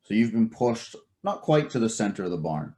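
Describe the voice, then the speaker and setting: A man's voice: fairly low pitch, very animated, fairly quick, warm tone. A man running a tabletop game as game master, explaining the scene at length with many fillers and restarts.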